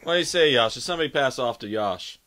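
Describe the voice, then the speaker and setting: A man's voice: medium pitch, lively intonation, fast talker, bright, forceful tone. Joking, profane male podcast host. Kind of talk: casual interview chat.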